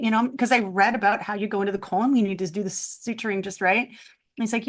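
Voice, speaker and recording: A woman veterinarian chatting casually on a podcast, telling lively stories and acting out the voices of people in them. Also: medium pitch, fast talker. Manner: animated, acts out voices in stories. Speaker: veterinarian guest.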